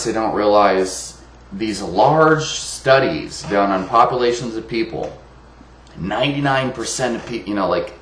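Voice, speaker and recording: A man ranting in a casual vlog, heated, sarcastic and profane, wired on coffee. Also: fairly low pitch. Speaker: vlogger. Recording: roomy echo.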